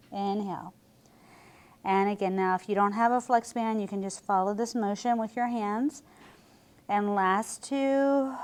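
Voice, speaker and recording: A woman instructing a Pilates class, calmly cueing breaths while she demonstrates the moves. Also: medium pitch. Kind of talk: guided exercise instruction.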